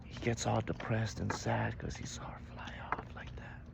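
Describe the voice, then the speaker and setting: A man telling an improvised story in a casual way, swinging between loud bursts and near-whispers. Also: lowish voice, flat delivery, normal speed, gravelly. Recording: noisy background.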